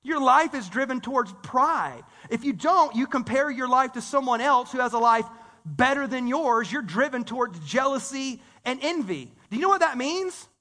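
High, bright-voiced man preaching in a hall. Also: normal speed. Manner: energetic, conversational preaching with repeated restarts. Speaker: pastor. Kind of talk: sermon. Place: church hall. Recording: reverberant church hall.

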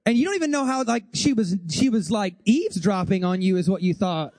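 A man's voice: high-pitched, animated, a little mellow, no room sound. A middle-aged man preaching a humorous sermon, chatting straight at the congregation and acting out little scenes. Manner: chatty, joking, addresses the congregation directly; acts out voices and gestures in quick asides. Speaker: pastor.

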